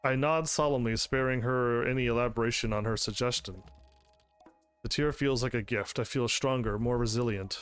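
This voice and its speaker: Man, gaming streamer, lively chatter, reads game narration aloud. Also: mid-range voice, normal speed, soft background music. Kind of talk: casual game commentary.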